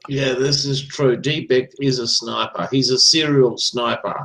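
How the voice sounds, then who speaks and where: A man's voice: mid-range voice, measured pace, bright, forceful tone, poor audio. Ranting man on a talk call. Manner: ranting, profane, repeats "right?". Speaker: caller. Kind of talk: casual chat.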